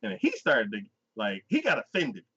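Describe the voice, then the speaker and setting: A man hosting a casual podcast chat, recapping a story with lively energy and acting out the characters' lines. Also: medium pitch, moderate pace, creaky, background noise. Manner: animated storyteller who acts out characters' lines in quoted voices. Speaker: podcast host. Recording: dull, dry lo-fi recording.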